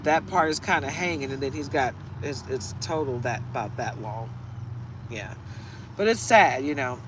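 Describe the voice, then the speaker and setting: A woman's voice: very deep voice, animated, moderate pace, background noise. Chatty woman giving a casual tarot reading. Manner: chatty, laughing, rambling asides. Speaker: tarot reader. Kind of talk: casual live reading chat.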